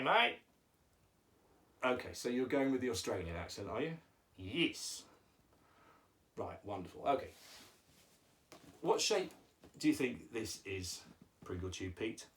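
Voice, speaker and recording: Lively, teacherly children's host man. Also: medium pitch, distant mic. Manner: patient, teacherly, exaggerated emphasis. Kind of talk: playful kids' lesson with puppets.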